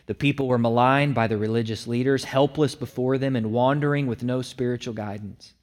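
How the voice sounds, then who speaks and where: A pastor with a medium-pitched voice speaks a little fast as he preaches a sermon, explaining a passage. He's animated and acts out the disciples' lines in a raised voice.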